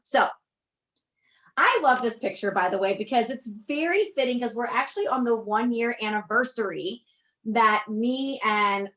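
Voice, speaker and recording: A woman's voice: mid-range voice, fairly bright tone. An effusive woman coach speaking to her team on a motivational call. She gushes, circles back and repeats her points in a chatty way. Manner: effusive, gushing, repeats herself. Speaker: business coach.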